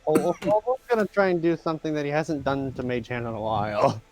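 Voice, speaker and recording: Stammering male player, slightly high. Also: quick pace, darkish tone, slight background noise. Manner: stammering, laughing asides. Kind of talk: tabletop game play.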